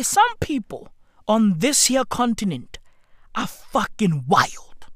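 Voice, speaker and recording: A woman's voice: mid-range voice, very animated, slow, fairly bright tone, dry recording, clean studio sound. A woman delivering a profane, slang-heavy rant full of rhetorical questions. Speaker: commentator.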